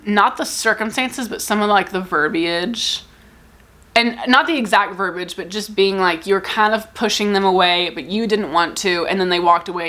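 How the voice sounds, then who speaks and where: Giggly, animated woman gushing about books. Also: medium pitch. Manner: rambling, giggly and gushing, self-interrupting. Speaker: book vlogger. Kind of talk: casual chat.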